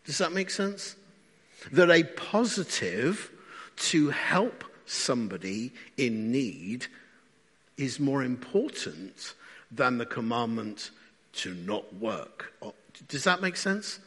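A man's voice: mid-range voice, very animated, takes it slowly, a bit bright, husky. Conversational male preacher in a reverberant hall. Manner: conversational, asks the congregation questions. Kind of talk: sermon.

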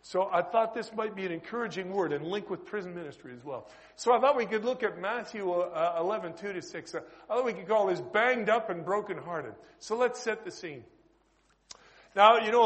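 A middle-aged man with a Canadian accent, preaching a sermon as an Anglican priest and prison chaplain, chatty and lively, swinging between loud bursts and quiet asides. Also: high voice. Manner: lively, conversational preaching with sudden loud bursts and soft drops.

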